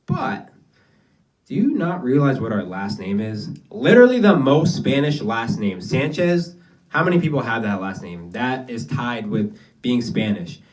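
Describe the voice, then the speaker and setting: A man's voice: medium pitch, animated, moderate pace, distant mic. A young man doing his first stand-up set, telling rambling, profane stories in a casual way. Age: young adult. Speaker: stand-up comedian. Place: small basement venue.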